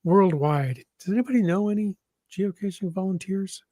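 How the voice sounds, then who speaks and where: A man with a slightly high voice co-hosts a podcast. He tells stories in a relaxed, joking way. The sound is dry and close. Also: normal speed, no room sound. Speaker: podcast co-host. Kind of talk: casual chat.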